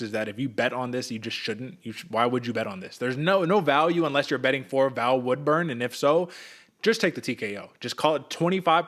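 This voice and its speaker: A man's voice: mid-range voice, fairly bright tone. A young man co-hosting a casual sports betting podcast, hyped and slangy, calling the listener brother and folks. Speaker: podcast co-host.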